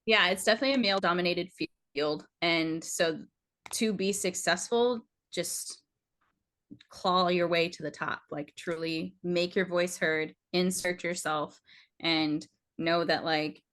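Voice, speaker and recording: A woman with a somewhat low voice speaks as a podcast guest. She gives earnest, encouraging advice in a loose, casual way, with plenty of fillers. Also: unhurried, fairly bright tone. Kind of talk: casual interview chat.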